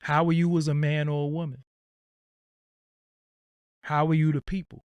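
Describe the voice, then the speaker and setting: A man's voice: on the high side, level tone, normal speed, darkish tone, clear, resonant tone, no echo. A man hosting his own livestream, ranting bluntly and casually with profanity and lots of fillers. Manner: blunt, profane, streetwise, rambling. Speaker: channel host.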